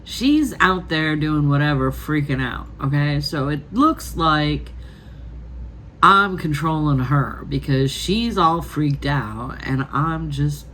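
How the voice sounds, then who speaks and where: A woman's voice: sits low, slight background noise. A woman vlogger defiantly retelling an argument, acting out both sides of the exchange. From Florida. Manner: defiant, animated retelling with quoted back-and-forth. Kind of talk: casual storytelling.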